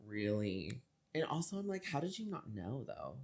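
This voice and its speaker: A young woman co-hosting a podcast, telling a story in casual chat, animated and full of fillers and swearing. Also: deep voice, brisk, husky. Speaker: podcast co-host.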